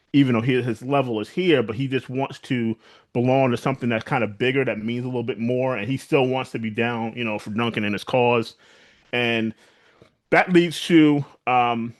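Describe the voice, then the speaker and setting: A man co-hosting a podcast, animatedly recapping a TV series in casual chat and acting out what the characters say. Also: medium pitch. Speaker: podcast co-host.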